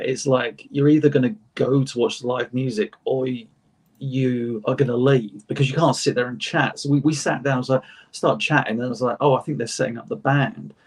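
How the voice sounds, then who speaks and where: Husky British man telling stories. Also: mid-range voice, normal speed. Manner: animated anecdotes, acting out quotes, self-laughing. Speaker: panel co-host. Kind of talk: casual storytelling chat.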